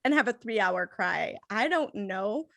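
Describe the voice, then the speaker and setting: A woman co-hosting a casual movie review chat, animated and giggly, laughing often as she talks. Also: mid-range voice, unhurried, creaky, dry recording.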